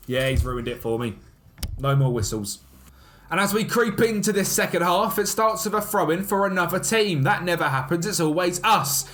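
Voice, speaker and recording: A man with a slightly high voice calls his football game as it plays out. He swings from hushed grumbling to loud, animated cheering and complaining at the referee. Faint music runs behind him. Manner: animated, shouts at the referee, self-mocking. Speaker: gaming YouTuber. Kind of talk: excited game commentary.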